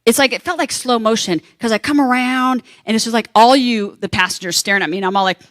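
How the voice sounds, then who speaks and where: A higher-voiced woman tells a story at a convention panel, and she acts out every quoted voice with energy. Her voice is close and dry, with no room echo. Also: fast. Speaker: panel speaker.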